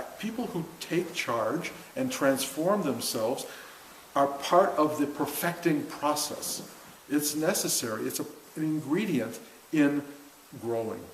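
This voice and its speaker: A man giving a spiritual talk to a group, animated and acting out the voices he quotes. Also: medium pitch. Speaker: spiritual teacher. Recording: echoey room with faint hiss.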